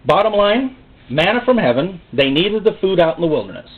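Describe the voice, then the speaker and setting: A man preaching a sermon in an animated way, often acting out God's voice and the people he quotes. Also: sits high, brisk, slightly rough. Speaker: pastor. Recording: phone-like narrow sound.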